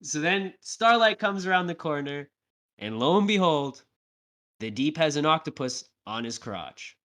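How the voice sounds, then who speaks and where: A man recaps a TV episode on his podcast in loose, animated talk, peppered with swearing. His voice sits a little high for a man. He keeps checking in with his co-host through tag questions and acts out the characters' lines as he goes. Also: measured pace.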